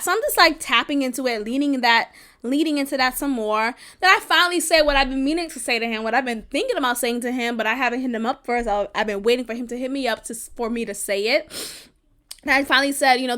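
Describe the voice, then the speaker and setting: A woman's voice: high voice, pushed and bright. A woman hosting a podcast, talking casually and bluntly about her own life, swearing freely and laughing often. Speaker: podcast host. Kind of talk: casual venting monologue.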